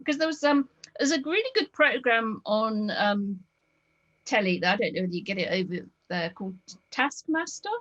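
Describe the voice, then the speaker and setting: A woman's voice: medium pitch, lively intonation, moderate pace, fairly bright tone, lo-fi sound. A woman with a Northern English accent hosting a casual video-call chat, talking in an enthusiastic, rambling way with lots of ums. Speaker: host.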